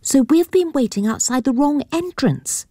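Lady doing a prim little miss, high girlish voice jumping way up, easily huffy, dry close storybook read. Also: very animated, normal speed, warm tone, breathy edge, no room sound. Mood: eager. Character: young well-bred girl, eager and easily offended. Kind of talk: audiobook character voice.

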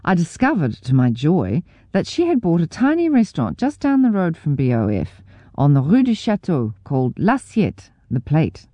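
Low, lively New woman narrating wryly. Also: moderate pace, no echo. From New Zealand. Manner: wry, self-mocking humor. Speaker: memoir narrator. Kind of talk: scripted audiobook narration.

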